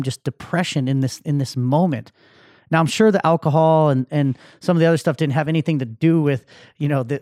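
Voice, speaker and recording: A male podcast host tells a personal story in a candid, emotional monologue, swearing freely and stumbling through restarts. His voice sits a bit high for a man, and the recording is close and dry with no room sound. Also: darkish tone, no room sound. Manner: candid, emotional, profane, many fillers and restarts.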